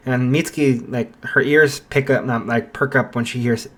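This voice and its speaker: A man narrating an improvised fan story, halting and full of fillers. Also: medium pitch, fairly even intonation, a bit bright. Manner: halting, many fillers and restarts.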